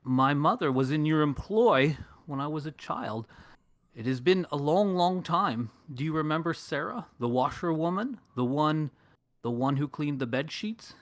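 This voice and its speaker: A player playing a solemn, mystical wanderer who speaks slow and formal. The recording is dry and close. His tone is measured and grave. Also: medium pitch, expressive, no echo, lightly acted. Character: solemn young man back from the wilds.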